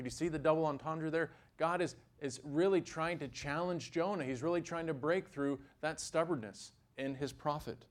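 Animated male preacher giving a sermon. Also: moderate pace, few pauses. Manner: animated, sudden rises in pitch and loudness, dry asides.

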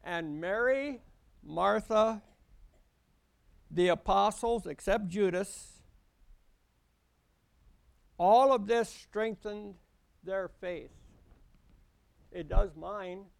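Male preacher, older, unhurried pace, emphatic sermon reading and teaching. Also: high-pitched, vocal fry. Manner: slow deliberate preaching with emphatic rises.

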